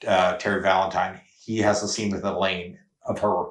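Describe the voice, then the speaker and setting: A man's voice: deep voice, little pitch movement, moderate pace. Man co-host, casual film chat, rambling delivery, roomy sound. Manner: rambling, fills with "like". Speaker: podcast co-host. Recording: echoey room.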